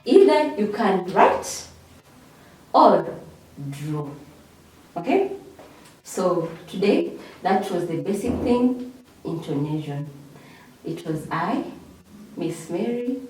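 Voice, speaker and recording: A woman English teacher giving a revision lesson, talking slowly and repeating key words with drawn-out emphasis. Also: lowish voice, very animated, a little mellow, a little hiss or hum. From Kenya. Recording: echoey room, far from mic.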